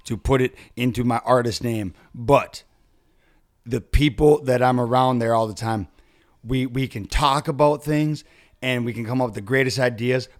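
A man, a guest musician, speaking openly and earnestly in a casual chat. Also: mid-range voice.

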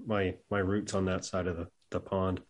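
A man's voice: deep voice, level tone, moderate pace. A man hosting a podcast, laid-back in casual chat with short replies. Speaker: podcast host.

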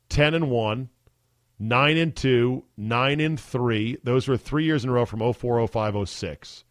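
A man's voice: mid-range voice, no echo. A man hosting a podcast, talking casually and enthusiastically into a studio mic. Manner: chatty, enthusiastic, emphatic. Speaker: podcast host. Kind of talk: casual chat.

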